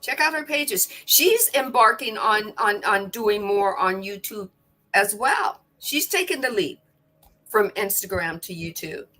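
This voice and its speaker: A woman's voice: mid-range voice, expressive, unhurried, bright, forceful tone. A woman co-hosting a spiritual study livestream, speaking expressively, repeating words and acting out quotes as she talks. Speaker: co-host. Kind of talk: casual spiritual chat.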